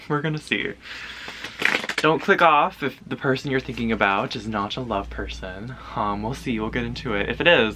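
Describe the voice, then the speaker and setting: A man's voice: medium pitch, pushed and bright, slight background noise. A man giving a casual pick-a-card tarot reading to his viewers, talking in a rambling, loose way with lots of fillers and the odd swear.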